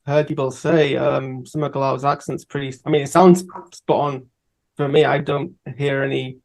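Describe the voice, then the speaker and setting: A man's voice: medium pitch, little pitch movement, moderate pace, creaky, a little mellow. An English man with an English accent on a casual discussion panel, thoughtful and hesitant. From England.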